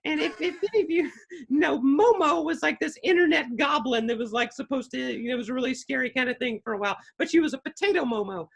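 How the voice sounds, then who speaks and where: A bubbly, giggly dragon puppet, voiced by a man in a high, bright voice. He chats with guests in a playful, upbeat way and loves telling stories. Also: fast, vocal fry, breathy edge, full character voice. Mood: cheerful. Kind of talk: puppet character interview.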